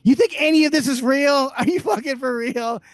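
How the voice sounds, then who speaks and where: High-voiced dude yelling sarcastic profane rants on a comedy podcast. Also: male voice, normal speed, dry recording. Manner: loud, abrasive, sarcastic. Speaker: podcast co-host.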